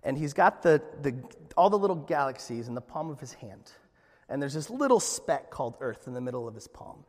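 A man preaching a sermon in a church, telling a story with lively energy and frequent restarts. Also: mid-range voice, fairly quick, long reverb tail. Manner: animated storytelling with many restarts. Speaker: pastor.

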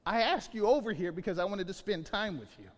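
A man preaching a sermon, telling stories with animated swings between loud bursts and quiet asides. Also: high-pitched, fast, big-room sound. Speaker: pastor.

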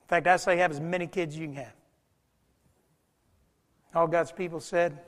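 Man, preacher, high voice, folksy storytelling, church reverb. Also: fairly even intonation, normal speed. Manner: folksy storytelling, acting out dialogue, rising to shouts. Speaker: pastor. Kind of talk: sermon. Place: church sanctuary. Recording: long hall reverb.

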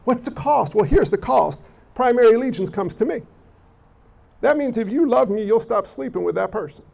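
A man preaching a sermon in an animated way. He often repeats words as he builds his points. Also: very high voice, normal speed, gravelly. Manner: animated, repeats words, acts out quoted people. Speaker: pastor. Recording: dull lo-fi recording.

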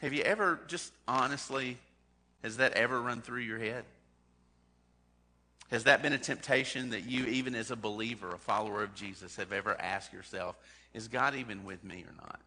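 A man's voice: medium pitch, moderate pace, bright, forceful tone. A man preaching a sermon as a pastor, talking in a conversational way and putting direct questions to his congregation. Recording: long hall reverb.

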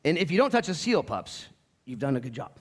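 A middle-aged male pastor preaching a sermon in an animated, joking way, swinging from loud bursts to hushed asides and mimicking voices. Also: fairly high pitch, a little fast. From Oregon coast, USA.

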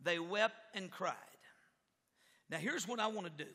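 A man preaching an animated sermon with a live demonstration, who stumbles over repeated words and works himself up to shouting. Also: high voice, normal speed, vocal fry. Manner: stammers on repeated words, gets fired up and shouts. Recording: echoey hall with long reverb.

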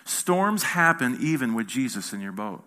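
A male pastor preaching in a conversational style, asking the audience questions and swinging between loud emphasis and hushed moments. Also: medium pitch, big pitch swings, normal speed. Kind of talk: sermon.

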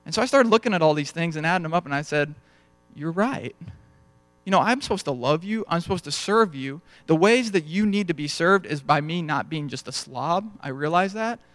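A young man preaches in a relaxed, storytelling way, slipping into little snippets of dialogue as he goes. His voice sits a bit higher than most men's, and the sound is dry and close, with no room echo. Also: brisk. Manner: conversational storytelling, acts out dialogue. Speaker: pastor. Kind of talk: sermon.

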